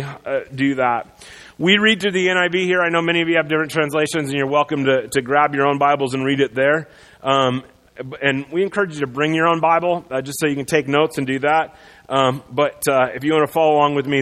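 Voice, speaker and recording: A man's voice: fairly high pitch, a bit bright, big-room sound, rough recording. A man preaching a sermon as pastor, in a conversational way with many fillers and restarts.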